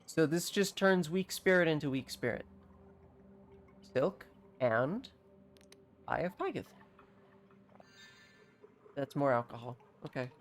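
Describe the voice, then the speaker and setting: A streamer giving casual, excitable commentary while playing a video game, often exclaiming and laughing. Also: mid-range voice, slow, long pauses, a little hiss or hum.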